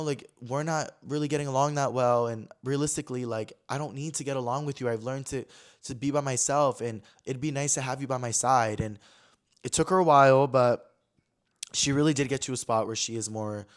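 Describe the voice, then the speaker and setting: A man's voice: mid-range voice, a little fast, clear, resonant tone. Candid, chatty young man host. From Connecticut, USA. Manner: candid, chatty, heavy use of "like". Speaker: podcast host. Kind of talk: casual storytelling chat.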